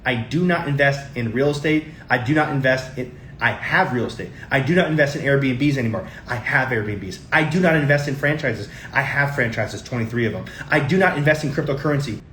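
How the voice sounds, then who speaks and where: A man's voice: mid-range voice, a little fast, fairly bright tone, a little hiss or hum. Emphatic man, roomy echo. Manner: emphatic and repetitive, often addresses viewers as guys. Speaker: show host giving tax and investing tips. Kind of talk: casual talk to camera.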